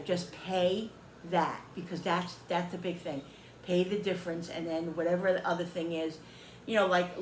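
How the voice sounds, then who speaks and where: Woman vlogger, casual heated storytelling, roomy echo, faint background hum. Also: on the low side. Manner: animated, heated retelling with quoted dialogue.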